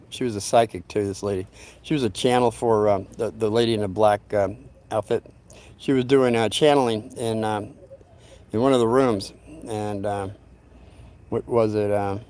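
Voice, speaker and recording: A man's voice: medium pitch, darkish tone. Rambling folksy man telling stories. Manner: meandering, self-interrupting, folksy asides. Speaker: channel host telling stories. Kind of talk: rambling casual storytelling.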